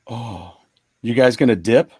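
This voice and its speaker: A man's voice: mid-range voice, a little slow, a little mellow, slightly rough, no room sound, studio quality. A man co-hosting a casual gaming stream chat, rambling with lots of fillers. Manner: chatty, rambling with many fillers. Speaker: co-host.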